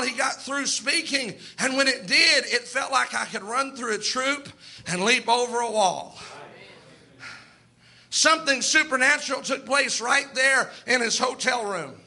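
A man preaching a fervent sermon, impassioned and emphatic, now and then bursting into shouts. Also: very high voice.

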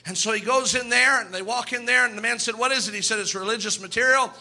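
A man's voice: very high voice, fast, creaky, sharp tone. A man preaching a fervent sermon, acting out the people in his stories.

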